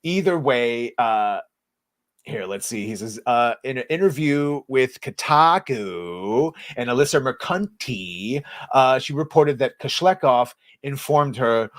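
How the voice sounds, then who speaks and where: A man's voice: medium pitch, animated, takes it slowly, no echo, studio quality. A man co-hosting a podcast in casual chat, profane, rambling and sarcastic. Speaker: podcast co-host.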